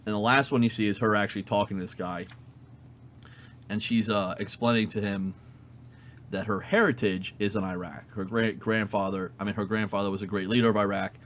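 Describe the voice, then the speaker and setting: Low-voiced man recapping a comic. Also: brisk, slight background noise. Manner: animated retelling, fillers, quotes characters in his own voice. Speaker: podcast co-host reviewing comics. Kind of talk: casual recap of a comic story. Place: comic shop.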